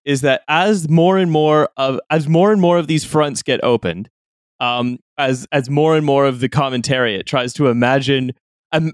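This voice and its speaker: A man talks through politics on a podcast, halting and restarting as he builds his point. His pitch is average, and the recording is dry and close-miked. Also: no echo. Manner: halting, many restarts while building an argument. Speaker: podcast co-host. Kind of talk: analytical political chat.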